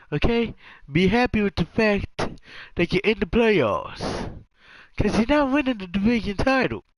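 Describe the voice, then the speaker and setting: Guy riffing over a football game, voices all the players, slow and bouncy, dead dry sound. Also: high voice, dry recording, rough recording. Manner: animated, voices players in jokey asides. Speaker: gaming commentator. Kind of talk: casual game commentary.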